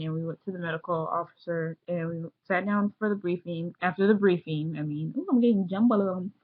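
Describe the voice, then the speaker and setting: A woman's voice: fairly low pitch, narrow, tinny audio. A young woman telling a story in a casual vlog, bubbly and rambling, jumping into the voices of the people she quotes. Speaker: vlogger.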